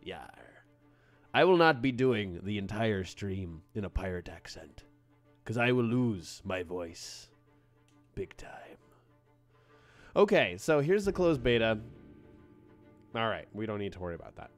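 A man live-streaming a game, excitable and playful, greeting viewers by name and joking in pirate talk. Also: on the low side, a little slow, pauses often, soft background music.

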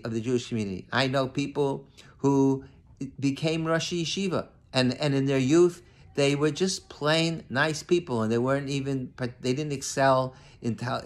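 Older man, rabbi, sermon, earnest, conversational, frequent restarts. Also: medium pitch. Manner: earnest, conversational with many restarts, reads Hebrew verses then translates.

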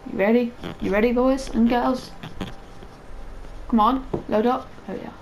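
A man giving excitable, chatty commentary over his own gameplay for viewers. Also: very high-pitched, unhurried, slight background noise, rough recording. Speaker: gaming video creator. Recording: game sounds loud under voice. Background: gunfire and game announcer.

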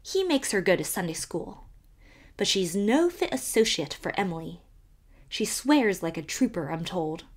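A woman voicing a sharp-tongued spinster neighbor who relishes scandal and speaks emphatically. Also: mid-range voice, sing-song, normal speed. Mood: scandalized.

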